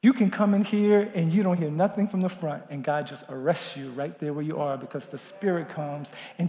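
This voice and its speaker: A man preaching a sermon with passion, rising to loud calls and dropping to hushed prayer. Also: fairly high pitch, fairly quick, few pauses. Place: church. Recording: echoey church hall.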